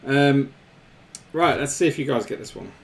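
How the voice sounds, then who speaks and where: A man's voice: medium pitch, moderate pace, gravelly. A man hosting a live stream, chatting casually with viewers, laughing often and repeating himself.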